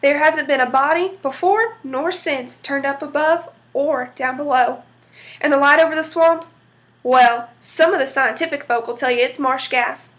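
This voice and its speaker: Folksy woman storyteller, high voice, folk-tale read-aloud. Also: moderate pace, fairly bright tone.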